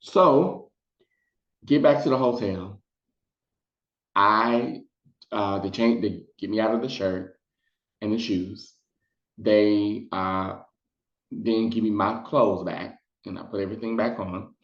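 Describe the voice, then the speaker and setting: Animated man telling a story, roomy. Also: slow pace, pauses often. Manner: animated, acts out quotes in high voices. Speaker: storytime vlogger. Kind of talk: casual storytelling. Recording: roomy, dull lo-fi sound.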